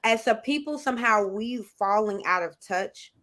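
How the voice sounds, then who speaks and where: A woman with a fairly high voice talks earnestly as a guest. She gets animated and briefly acts out the people she works with. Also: moderate pace. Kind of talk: casual chat.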